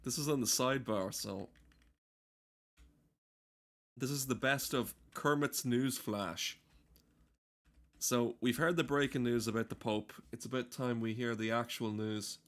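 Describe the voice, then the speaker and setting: A man's voice: medium pitch, unhurried, long pauses, fairly bright tone. A man giving casual, profane, rambling and cynical commentary while playing a game. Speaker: game streamer.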